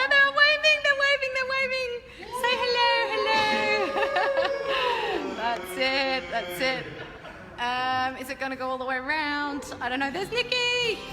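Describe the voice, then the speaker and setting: A high-voiced Australian choir leader leads rehearsal in a large town hall, positive and encouraging, singing to show each part. Filmed from afar by a camera on a tripod, the audio is echoey and distant, with music, the choir, and an instrument in the background.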